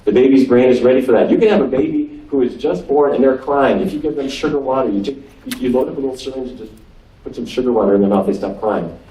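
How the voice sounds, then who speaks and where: This is a fast-talking man with a dark, mid-range voice, a North Dakotan lecturing with humor on nutrition as a physician. He quizzes his audience in a cruise ship lecture room, and the recording sounds distant in a large hall.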